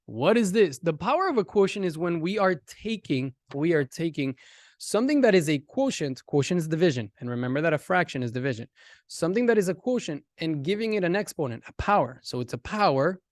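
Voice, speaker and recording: Brief: male math teacher, upbeat and a bit high-pitched, casual and animated, dry close sound. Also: fairly quick, no echo. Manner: animated, talks directly to students. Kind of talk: casual classroom lesson.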